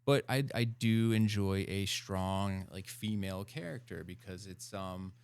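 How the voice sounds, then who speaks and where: A man talking as a podcast guest in casual chat, animated and full of fillers and laughs, close to the mic. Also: low-pitched, measured pace, clean tone, no echo.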